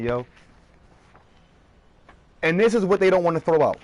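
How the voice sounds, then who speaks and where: A man streaming live, ranting heatedly and profanely in quick bursts. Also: a little high, expressive, no room sound.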